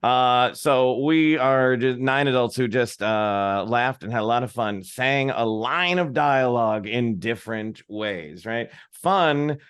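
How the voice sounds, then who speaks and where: A man's voice: medium pitch, slow pace, few pauses, a bit bright, smooth. A man facilitating an interactive virtual workshop over a video call, upbeat and encouraging, often checking in with the group. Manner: upbeat, encouraging, peppered with "right?".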